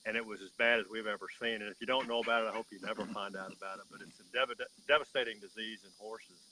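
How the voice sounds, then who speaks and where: A man's voice: fairly low pitch, fairly even intonation, quick pace, sharp tone, a little hiss or hum, low-quality recording. A man, a horse breeder, telling a story in an emphatic, folksy way during an interview.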